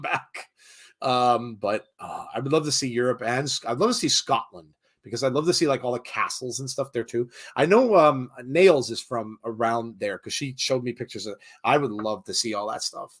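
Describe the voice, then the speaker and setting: A man's voice: medium pitch, fairly bright tone. A middle-aged American man chatting through a live wrestling watch-along. He rambles with lots of fillers and reads viewers' comments aloud as he goes. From United States. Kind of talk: casual live commentary chat.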